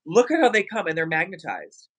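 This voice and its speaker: A livestream shopping host speaks in a bright, forward, husky voice pitched a little high, with poor audio. He talks fast and excitably in live sales stream chat, hyping each product and calling out to viewers.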